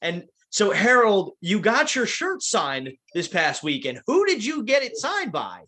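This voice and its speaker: A man's voice: high-pitched, wildly swooping pitch, unhurried, bright, forceful tone. A man hosting a casual podcast, introducing co-hosts with playful wrestling-announcer flourishes. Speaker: podcast host.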